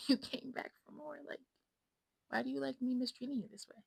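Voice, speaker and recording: This home vlogger, a woman in her twenties, speaks to her phone camera in a high, steady, fairly quick voice that's gravelly and slightly rough. The low-quality recording has no room sound, and she rambles frankly and self-absorbedly, often falling into whispers.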